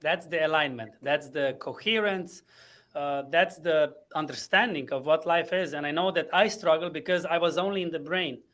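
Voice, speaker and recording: High-voiced man coaching earnestly. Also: normal speed, fairly bright tone. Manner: earnest, searching for words with frequent fillers. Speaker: coach, podcast guest. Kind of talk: explanatory interview talk.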